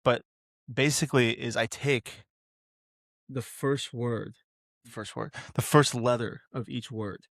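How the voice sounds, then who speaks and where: A man's voice: mid-range voice, slow pace, creaky, fairly bright tone, no echo, studio quality. A young man hosting a solo podcast, rambling and interrupting himself with lots of fillers. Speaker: podcast host.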